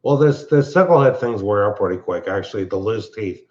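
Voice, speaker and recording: Low-voiced man on a dull line. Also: lively intonation, fairly quick, a little mellow. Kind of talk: casual live stream chat.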